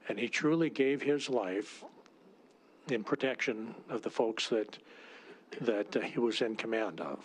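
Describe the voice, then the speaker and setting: Halting man senator in a hearing room. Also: mid-range voice, husky. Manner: halting, with frequent restarts. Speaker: state senator introducing a bill. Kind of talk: formal committee testimony.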